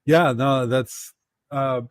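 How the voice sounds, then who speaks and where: A man hosting an interview, reacting to the guest with short, laughing responses in a relaxed chat. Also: medium pitch, very slow, clear, resonant tone, no room sound, studio quality. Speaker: host.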